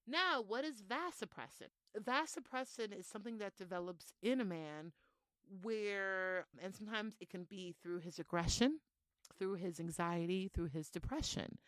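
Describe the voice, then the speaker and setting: A woman's voice: mid-range voice, moderate pace, dry recording. A young woman hosting a podcast in a casual solo monologue, brash and heavy on swearing. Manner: brash, profane and animated, with laughs. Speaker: podcast host.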